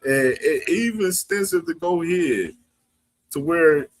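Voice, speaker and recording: A man's voice: on the high side, lively intonation, a little slow. A man hosting a boxing livestream, talking in loose, slangy, casual commentary. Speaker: boxing stream host.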